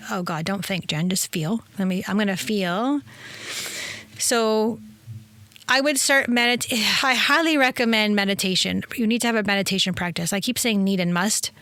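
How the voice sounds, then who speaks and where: An energetic woman hosting a spiritual podcast, talking in a rambling, effusive monologue. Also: medium pitch, normal speed, dry recording. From Italian heritage. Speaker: spiritual teacher and podcast host. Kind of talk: casual inspirational monologue.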